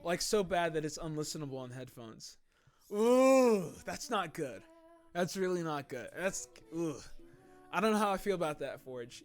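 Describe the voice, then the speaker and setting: A man hosting a livestream, chatting casually with viewers and reading their comments in laid-back slang. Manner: laid-back slangy talk, lively swings in pitch. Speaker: livestream host.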